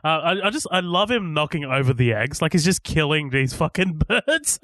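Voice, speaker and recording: A man's voice: a little high, very animated, moderate pace, fairly bright tone, dry recording. A man co-hosting a podcast, chatting casually about a movie he loved as a kid, swearing often and laughing a lot. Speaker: podcast co-host. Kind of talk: casual movie commentary chat.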